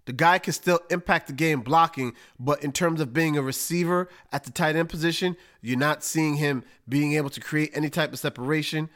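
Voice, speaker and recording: Animated man breaking down football. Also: fairly high pitch, brisk, hardly any pauses. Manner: animated, emphatic, folksy with slang. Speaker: podcast host. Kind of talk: casual sports analysis.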